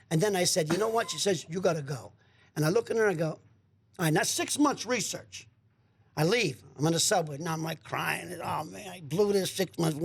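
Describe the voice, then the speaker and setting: A man with a high, slightly rough voice is the guest in a radio studio, telling a long story as part of a storytelling chat. He plays out each character's voice with animation and often says words twice.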